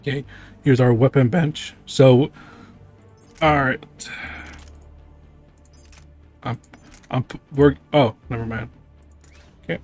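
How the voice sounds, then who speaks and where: A man's voice: mid-range voice, fairly even intonation, slow, long pauses, darkish tone, soft background music. A man streaming a video game, chatting casually and rambling through menu choices. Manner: rambling, with fillers and sound effects. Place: home streaming setup.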